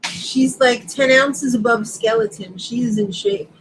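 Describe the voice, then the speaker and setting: A middle-aged woman from Long Island hosting a casual live-stream chat, talking in quick asides and reading viewer comments aloud. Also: a little high, slight background noise, rough recording. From Long Island, New York. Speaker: host.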